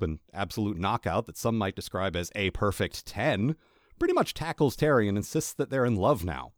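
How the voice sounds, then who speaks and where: A man's voice: on the low side, dry recording, studio quality. A man co-hosting a podcast, chatting casually and then reading a joking, sarcastic recap of an episode. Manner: wry, joking, sarcastic asides. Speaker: podcast co-host.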